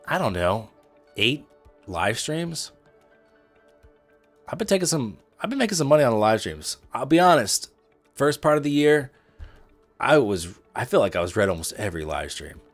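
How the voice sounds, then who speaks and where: A man's voice: medium pitch, big pitch swings, moderate pace, long pauses, faint music behind. A man from Indianapolis with a neutral Midwestern accent, casually commenting on his trades and joking with his livestream chat. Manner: chatty, joking with chat, playful asides. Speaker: trading livestreamer.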